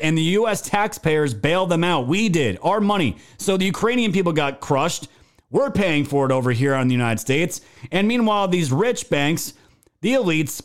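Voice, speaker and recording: A man hosting a political live stream, commenting and reading viewer chat in an indignant, emphatic and sometimes profane way. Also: a little high. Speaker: political talk show host.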